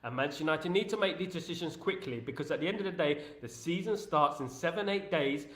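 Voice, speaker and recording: A man hosts a casual live stream, ranting with passion and breaking off to greet viewers in the chat. His voice sits a little high. The room gives it a roomy echo. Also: fast talker, fairly bright tone. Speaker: host of a fan live stream.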